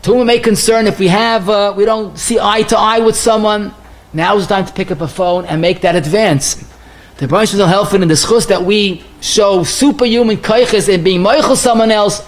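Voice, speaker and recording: A rabbi with a high-pitched male voice gives a lecture sermon. He tells stories animatedly, his voice rising and falling and his pace speeding up and slowing down. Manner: animated storyteller, swinging pitch and pace widely. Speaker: rabbi giving a Torah lecture.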